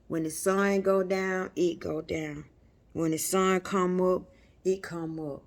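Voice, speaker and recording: Taking it slowly, a woman with a lowish, steady voice gives spiritual teaching off the cuff. She speaks to listeners in a preacherly, repetitive manner, now and then sinking into an almost-whispered hush.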